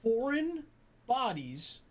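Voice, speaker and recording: A man's voice: very high-pitched, huge pitch swings, slow pace. Incredulous bantering streamer guy. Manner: bantering, incredulous, laughing at his co-host. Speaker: streamer host. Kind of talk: casual reaction-stream chat.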